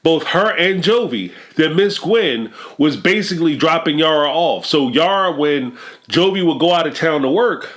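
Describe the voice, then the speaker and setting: Man, high voice, emphatic storyteller for reality-show commentary. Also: lively intonation, moderate pace, a bit bright. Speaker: commentary vlogger.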